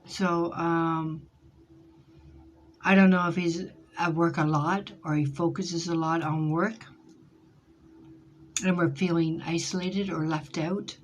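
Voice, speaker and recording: A woman giving a tarot card reading, hesitant and searching, often pausing on fillers as she describes what she feels from the cards. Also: lowish voice, fairly even intonation, a little hiss or hum. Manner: intuitive, speaks in feelings. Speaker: tarot reader.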